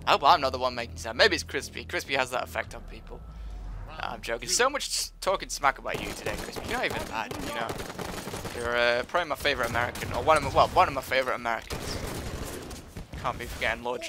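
Excitable man streaming a shooter game. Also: mid-range voice, quick pace, music in the background. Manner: chatty, excitable, with sudden loud exclamations. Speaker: livestreamer. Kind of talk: live gameplay commentary. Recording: game gunfire under voice. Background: video game gunfire and effects.

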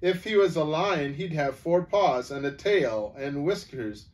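A man's voice: medium pitch, sing-song, a little slow. A man voicing a proud, boastful male talking horse who lectures pompously, in a storybook read-aloud. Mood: lecturing, pompous.

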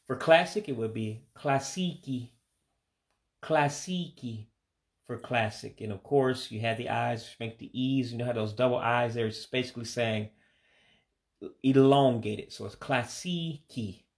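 A man in a casual home lesson talks through vocabulary at an easy pace. His voice sits in a middle pitch, and he repeats each word slowly and deliberately, sometimes pausing with uh and um. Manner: slow, careful repetition of words; hesitant with fillers. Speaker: language learner teaching vocabulary.

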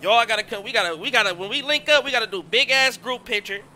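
A man streaming live, chatting casually and excitedly, shouting out his viewers in heavy slang. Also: very high-pitched, fast, a little hiss or hum.

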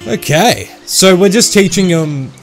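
A man's voice: high-pitched, expressive, a little slow, faint music behind. A man giving casual let's-play commentary, chatting and reacting aloud as he plays. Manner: chatty, reacts aloud and reads game dialogue. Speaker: game commentator.

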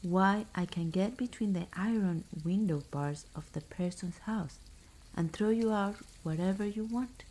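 A woman's voice: mid-range voice, a little slow, mellow, natural voice. A woman voicing a tiny, bold, mischievous boy in a whispered role-play, eager and impish. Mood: cheeky.

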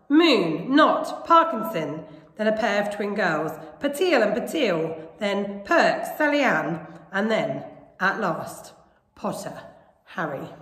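A woman teacher, reading a children's novel aloud with expressive storytelling. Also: medium pitch. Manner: expressive storytelling, lively name calls. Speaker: primary school teacher. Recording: echoey room with long reverb.

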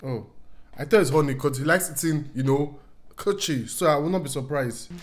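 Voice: mid-range voice, normal speed, soft background music. A movie reactor chatting casually and exclaiming through a film.

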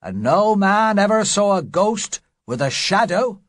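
A man voicing a greedy, defiant pirate leader who talks in a forceful, blustering way in an audiobook. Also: sits high, sing-song, unhurried, no echo, clean studio sound, pitched above the performer's own voice.

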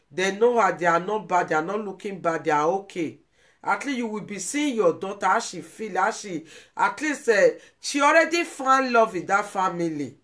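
A woman with a Nigerian accent giving emotional, pleading commentary on a live video, repeating herself for emphasis. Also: mid-range voice. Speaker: vlogger.

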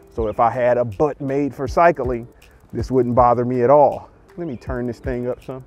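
In this casual ride vlog, a man on an e-bike pokes fun at himself using loose slang, his mid-range voice a little mellow. Background music plays beneath the outdoor ride sound.

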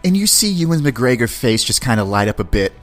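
A man hosting a podcast, casually and excitedly retelling and reviewing a series, swearing and acting out quotes. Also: mid-range voice, brisk, soft background music. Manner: enthusiastic, acts out quotes, swears. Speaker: podcast host.

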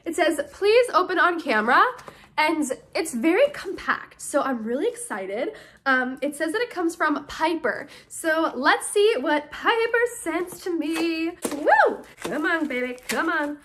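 Young woman vlogger, high and bright, excitable, gushing casual chat. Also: a little slow, slight background noise. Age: young adult. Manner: bubbly and excitable, gushing with thanks. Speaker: YouTuber opening fan mail.

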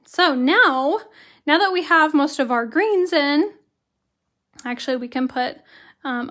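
A woman with a hoarse voice teaching watercolor on a live stream, chatty and greeting viewers by name as she works. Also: sits high, a bit bright. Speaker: watercolor instructor. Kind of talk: live-stream craft tutorial.

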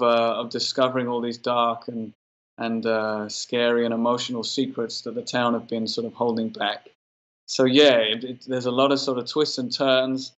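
British male actor, relaxed interview guest, flat delivery, muffled lo-fi recording. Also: mid-range voice. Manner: easygoing, loose, with many fillers. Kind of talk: casual interview chat.

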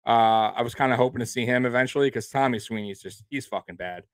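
A man's voice: medium pitch, quick pace, smooth, dry recording. A man hosting a sports show, ranting angrily about his team with lots of swearing, repeating himself and tacking "man" and "bro" onto his lines. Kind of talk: angry sports rant.

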